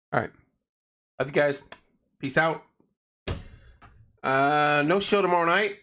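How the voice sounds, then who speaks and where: A man's voice: mid-range voice, fairly bright tone. A tired man hosting a casual late-night livestream, joking around and reading viewer comments aloud. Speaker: livestream host.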